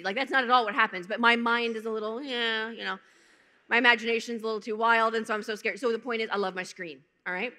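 A woman's voice: on the high side, steady tone, fast, sharp tone. A woman from the United States giving a testimony talk at a conference, telling her story with humor and acting out the quotes. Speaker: conference speaker. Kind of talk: testimony talk to a large audience. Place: large conference hall. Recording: long hall reverb.

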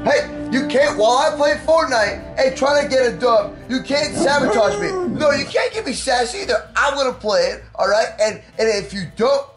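A young man hosting a gaming channel, loud and playful, teasing and yelling at his puppy during gameplay commentary. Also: extremely high pitch, expressive, moderate pace, music in the background.

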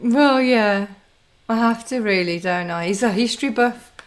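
A woman's voice: on the high side, normal speed. A woman hosting an interview, chatting casually and affirming her guest. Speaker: host.

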